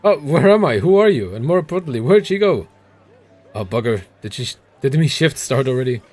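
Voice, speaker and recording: A man's voice: medium pitch, big pitch swings, a little fast, a little mellow, slightly rough. A man voicing a groggy, bewildered game worker who grumbles and curses in slang.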